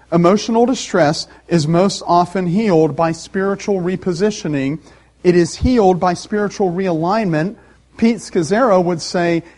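A man pastor preaching a sermon, animated and emphatic, with dramatic pauses. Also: high voice.

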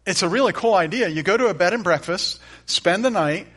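A middle-aged man preaching a sermon as a pastor, earnest, moving from loud emphatic lines to soft, hushed ones. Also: high-pitched, expressive, fairly quick.

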